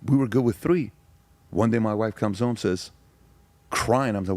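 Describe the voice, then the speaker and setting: Fairly low and a little mellow, the voice belongs to a middle-aged man from Iran appearing as a podcast guest, recorded with no echo. His casual storytelling is emphatic, and he drives points in through rapid repetition.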